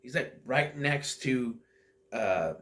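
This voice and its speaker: A man's voice: mid-range voice, lively intonation, takes it slowly, fairly bright tone. A man giving a casual, rambling movie recap that meanders and often loses its thread. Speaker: movie reviewer.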